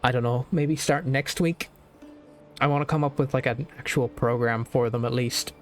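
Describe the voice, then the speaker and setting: A man's voice: medium pitch, steady tone, normal speed, faint music behind. A young Irish man streaming a strategy game, chatting casually and thinking aloud with lots of fillers. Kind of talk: casual gaming stream chat.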